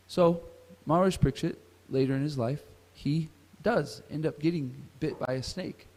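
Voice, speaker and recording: In a reverberant temple hall, a man teaches a scripture class, retelling a story and putting questions to the audience. His voice is a little high with a darkish tone, and he talks at a moderate pace with hardly any pauses.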